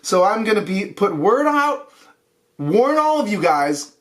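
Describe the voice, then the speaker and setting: A young man with a high voice hosts a casual weekly news show. He talks in a heated, ranting manner straight to his viewers. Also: very animated, a little slow. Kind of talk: casual news rant to camera.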